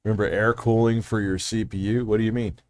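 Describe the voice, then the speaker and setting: A man's voice: fairly low pitch, flat delivery, fast, very noisy. A man hosting a casual livestream, rambling and swearing freely while reading out chat messages. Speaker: livestream host.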